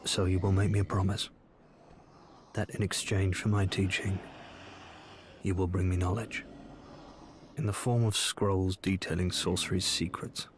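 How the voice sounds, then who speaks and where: An actor playing an aloof, scholarly male sorcerer in a video game, speaking in a measured, formal way. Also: deep voice, level tone. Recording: game audio with clear background noise.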